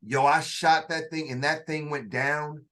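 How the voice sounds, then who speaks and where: A man casually telling a story in conversation, animated and full of slang, with vocal sound effects. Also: a little high, unhurried. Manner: uses slang and restarts. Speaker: storyteller in a two-man dialogue.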